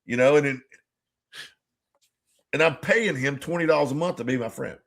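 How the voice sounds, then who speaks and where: A podcast co-host with a gravelly mid-range voice talks at a moderate pace in a casual chat. He rambles through stories, acts out both sides of conversations and swears freely.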